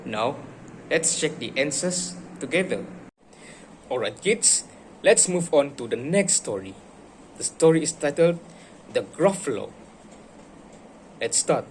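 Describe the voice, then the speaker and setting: Male teacher, slow encouraging delivery, lively storytelling melody, slightly high voice, faint background hiss. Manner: slow, encouraging, animated reading. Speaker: teacher in a classroom role-play. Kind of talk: classroom teaching and story reading.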